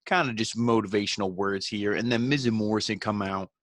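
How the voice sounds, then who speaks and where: A man hosting a podcast, giving a relaxed, rambling, conversational recap of a wrestling show. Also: fairly low pitch, brisk, no echo, clean studio sound. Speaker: podcast host.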